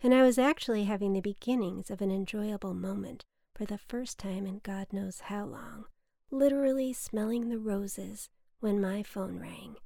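A woman reading her own scripted personal memoir in a candid, wry, profane way, often dropping to a hush. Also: medium pitch, normal speed, creaky, dry recording, studio quality. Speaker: memoir podcaster.

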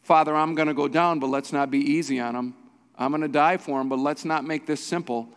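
A man's voice: on the high side, steady tone, a little fast, smooth, natural voice. A man voicing a mock version of Jesus speaking to the Father, in a sarcastic, ironic tone. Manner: mocking, ironic. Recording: long hall reverb.

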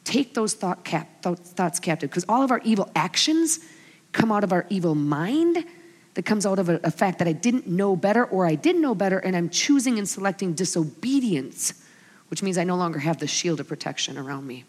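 Woman, forties, women's ministry speaker; lively, expressive storytelling sermon, long hall reverb. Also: on the low side, a little fast. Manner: animated storyteller, voices her family in quotes. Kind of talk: sermon with humorous stories.

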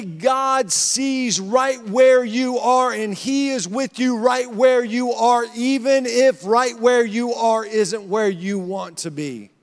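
Brief: high-voiced male pastor, emphatic with jokes, preaching in a church sanctuary. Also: in a large hall. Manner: emphatic, calls out to the congregation, jokes. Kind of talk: sermon.

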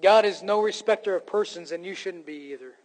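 A man delivers a sermon from the pulpit, emphatic and earnest, slipping in wry jokes at his own expense. His voice sits fairly high for a man. The sound rings with the long reverb of a church sanctuary. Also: fairly quick. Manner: emphatic preaching with self-deprecating jokes. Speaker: pastor.

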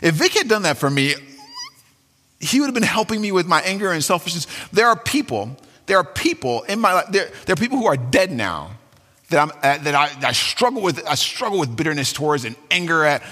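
A pastor delivers a sermon with animated energy, his fairly high, bright voice leaping up and down as he acts out quotes. The sound rings with a long hall reverb behind him. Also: a little fast. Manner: animated, dramatic, with acted-out quotes and sudden pitch swings.

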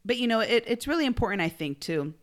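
A woman's voice: on the high side, sing-song, quick pace. A woman co-hosting a podcast, speaking reflectively in casual chat and laughing easily with her co-hosts. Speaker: podcast co-host.

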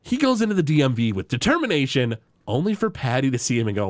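A man's voice: quick pace, no room sound. A man co-hosting a podcast, retelling cartoon scenes in casual chat and filling them with "like" and "you know". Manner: animated, lots of "like" and "you know", jumps pitch for quoted lines. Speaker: podcast co-host recapping a cartoon episode.

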